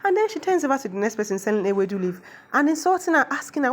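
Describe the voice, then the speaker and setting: A chatty, opinionated woman gives a casual movie recap and explains local words. Her voice sits high, with a sing-song, rapid-fire delivery.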